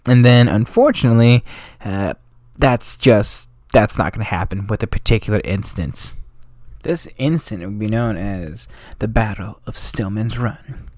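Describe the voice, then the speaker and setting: A man's voice: lowish voice, measured pace, darkish tone, no echo, clean studio sound. A man casually explaining history as a channel host, in a slangy, rambling way with frequent self-corrections. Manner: slangy and offhand, drifting into street talk.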